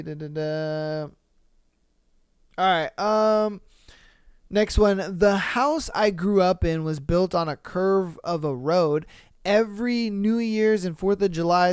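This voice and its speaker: A man hosting a podcast who reads listener stories aloud and reacts between them with loud, profane exclamations. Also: high-pitched, clean tone, dry recording, clean studio sound. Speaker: podcast host.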